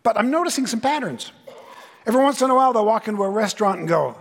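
Man, middle-aged pastor, high voice, punchy comic sermon, mocking voices, long hall reverb. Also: lively intonation, quick pace, vocal fry. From Southern California. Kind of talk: conference sermon.

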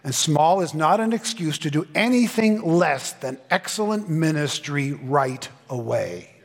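A man's voice: on the high side, expressive, measured pace. A middle-aged man preaching a conference sermon with punchy, comic asides and mock voices. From Southern California. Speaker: pastor. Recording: long hall reverb.

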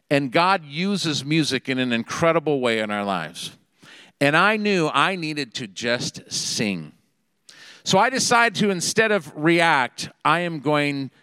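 A middle-aged man preaching a sermon, telling a personal story in an animated, conversational way. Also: on the high side, dry recording, in a large hall. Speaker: pastor. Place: Seattle area.

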